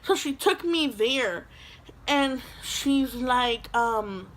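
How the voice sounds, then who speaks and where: A woman's voice: sits high, lively intonation, drawn-out words, fairly bright tone, a little hiss or hum. A young woman vlogger telling a storytime tale in a chatty, dramatic way, filling her talk with "like", recorded on a phone camera at home. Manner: dramatic, chatty, says "like" constantly. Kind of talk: storytime vlog.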